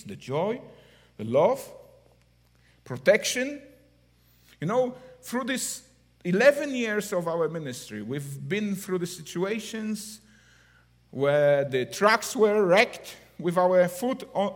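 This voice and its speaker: Man preaching with lively swings. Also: high-pitched. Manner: heartfelt, broken English, swings from hushed to loud. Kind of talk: sermon. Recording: long hall reverb.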